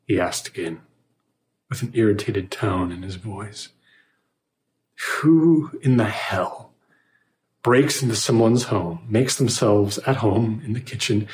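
A man with a lowish voice tells a scary story in the first person, reading at a measured pace. His voice carries a noticeable roomy echo. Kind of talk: scripted horror narration.

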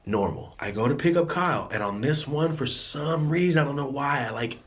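A man's voice: mid-range voice, a little fast, fairly bright tone. A man telling a story from his school days in a casual, profane monologue, acting out scenes with sudden whispers and outbursts. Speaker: storytelling vlogger.

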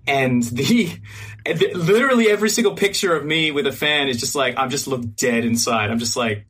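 A man with an average-pitched, somewhat husky voice tells a story on a podcast. He acts out every character in it and swears freely. It is loose, casual talk straight into a podcast microphone. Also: fairly quick, a bit bright. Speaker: podcast guest.

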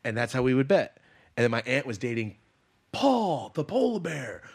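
A young man hosting a casual podcast, telling stories in an animated way with lots of swearing and acted-out quotes. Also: medium pitch, normal speed, husky. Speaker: podcast host. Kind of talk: casual chat.

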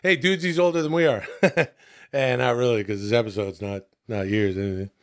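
A man's voice: mid-range voice, steady tone, fairly quick. A man co-hosting a podcast, joking, swearing and bantering casually. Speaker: podcast co-host. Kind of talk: casual chat.

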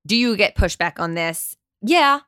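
A woman's voice: mid-range voice, lively intonation, measured pace, sharp tone, no room sound, studio quality. A young adult woman hosting a solo podcast, talking candidly and emphatically, swearing now and then. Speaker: podcast host.

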